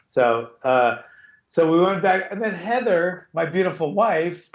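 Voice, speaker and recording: This middle-aged podcast host speaks a bit slowly in a high-pitched voice with lively intonation, spinning a wandering tale full of restarts during a casual video-call chat. The call audio is dull and echoey.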